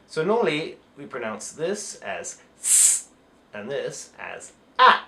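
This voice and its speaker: A male English teacher giving a casual phonics tutorial, explaining step by step with frequent "so" and "uh" fillers. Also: medium pitch. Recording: echoey room.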